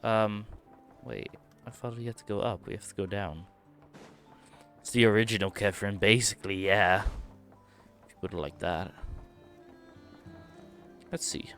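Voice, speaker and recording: A man's voice: fairly low pitch, steady tone, moderate pace, pauses often, fairly bright tone, soft background music. A man giving casual, laid-back gameplay commentary on a stream, mumbly at times and swearing lightly.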